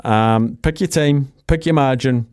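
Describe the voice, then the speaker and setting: A man in the host's chair, quick and jokey as he runs through texted-in entries. His voice is recorded very dry and close in a studio, with an ordinary middle pitch. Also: darkish tone, clear, resonant tone, no echo. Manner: brisk, jokey, quick asides. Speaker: radio host. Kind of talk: casual radio chat reading listener texts.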